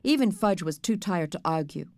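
A woman's voice: lowish voice, animated, normal speed, a little mellow, no echo. Woman reading a children's story. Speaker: audiobook narrator. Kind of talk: scripted first-person narration.

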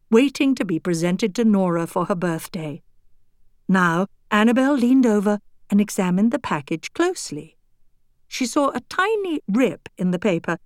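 A woman reading a children's storybook aloud in a gentle, expressive manner. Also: mid-range voice, no room sound, clean studio sound. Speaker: audiobook reader. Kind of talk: storybook narration.

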